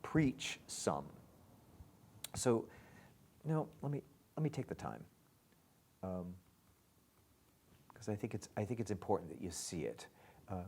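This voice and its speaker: Male instructor, low and animated, slow deliberate delivery, chants verse to show stress. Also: breathy edge. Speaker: lyric writing teacher. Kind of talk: recorded lesson on scansion.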